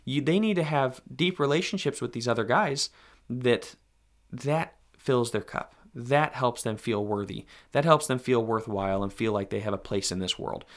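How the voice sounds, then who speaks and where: A man hosting a podcast, giving earnest, direct advice to fathers in a conversational monologue. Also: medium pitch. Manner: earnest, direct, speaks to fathers in second person. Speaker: podcast host.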